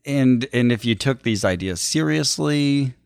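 A man's voice: mid-range voice, lively intonation, a little slow, vocal fry, clear, resonant tone, dry recording. A man co-hosting a podcast, chatting casually with a dry, joking manner into a close mic. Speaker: podcast co-host. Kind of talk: casual chat.

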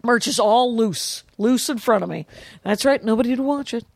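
A woman with a high voice tells a story on her podcast, animatedly acting out each person she quotes. The sound is dry and close, with no room around it. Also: moderate pace, creaky, no echo. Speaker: podcast co-host. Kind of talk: casual storytelling chat. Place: podcast studio.

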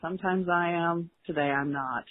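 A woman's voice: fairly low pitch, moderate pace, heavy background noise. A mother calling in to a podcast, weary and sighing as she talks. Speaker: caller, mother of a toddler. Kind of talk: voicemail to a podcast. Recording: tinny phone line.

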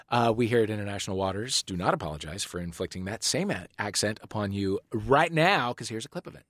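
A man hosting a comedy panel show, quick and jokey, swearing freely as he riffs and runs the game. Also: mid-range voice, lively intonation, a bit bright, no room sound, studio quality.

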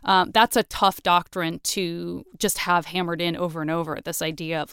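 Chatty woman host, smooth, dry studio sound. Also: lowish voice, level tone, normal speed, few pauses, a bit bright, no room sound. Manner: chatty, thinks aloud, laughs often; slips into playful voices for imagined speech. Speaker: podcast host. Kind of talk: casual interview chat.

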